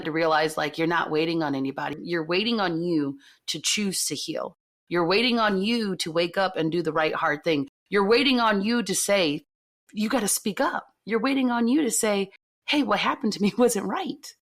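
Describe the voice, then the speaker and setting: A woman's voice: medium pitch, fairly bright tone. A woman telling a personal story on a podcast, in an earnest, emphatic way with repeated phrases.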